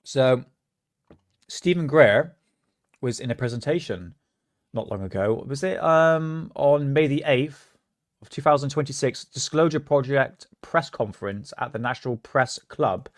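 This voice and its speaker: A man's voice: medium pitch, a little slow, no echo. A man talks loosely through a livestream, teasing and laughing at what he shows. His voice sits mid-range. The sound is dry and close. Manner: chatty, mocking, laughs often. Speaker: livestream host. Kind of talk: casual livestream commentary.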